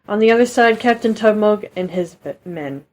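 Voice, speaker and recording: A woman reading a bad book aloud for laughs in a flat voice, with bored, dismissive asides. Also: medium pitch, moderate pace.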